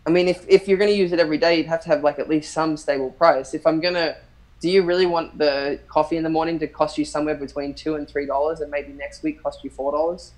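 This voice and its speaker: A man's voice: a little high, fairly even intonation, fast, darkish tone, rough recording. An Australian man chatting casually as a livestream guest, rambling and thinking aloud with many restarts. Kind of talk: casual chat.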